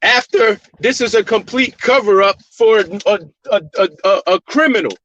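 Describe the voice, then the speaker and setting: A man with a high-sitting, slightly bright voice speaks at normal speed, filming on his phone as he argues insistently with court staff and keeps repeating his points. He's a vlogger confronting them, and the phone in his hand picks up a little hiss or hum with the highs cut off.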